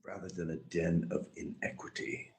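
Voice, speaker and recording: A man's voice: deep voice, level tone, moderate pace. A man streaming a rambling, sarcastic monologue, mocking and teasing his viewers.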